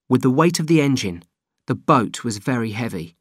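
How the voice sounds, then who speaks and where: A man narrating an audiobook in a plain, steady reading voice. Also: mid-range voice, moderate pace, dry recording, studio quality. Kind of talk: scripted narration.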